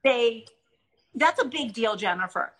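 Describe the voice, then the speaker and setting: With lively intonation and a measured pace, a middle-aged Christian talk show host encourages her audience eagerly and brings stories to life by reenacting them. Her voice runs on the high side, in a low-quality recording.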